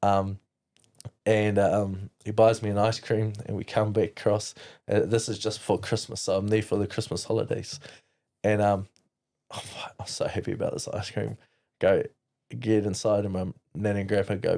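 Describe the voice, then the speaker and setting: A New Zealand man speaks as a podcast guest, recounting his past in a loose, candid way. His voice sits fairly low and sounds warm and mellow. He rambles, restarts his sentences and swears freely. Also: little pitch movement, moderate pace, creaky. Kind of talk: candid personal storytelling.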